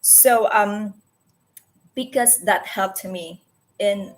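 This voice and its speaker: Drawing out her words in a mid-range voice, a Filipino-accented woman in her forties hosts a casual computer livestream. Originally from the Philippines with Tagalog as her first language, she speaks earnestly and often stops to search for the right word or correct herself.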